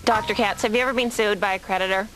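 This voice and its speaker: A woman's voice: medium pitch, steady tone, fast, over music, natural voice, poor audio. An actress voicing a stand-up comedian, a woman, who tells self-mocking jokes to her therapist and acts out little voices. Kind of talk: deadpan stand-up monologue in therapy.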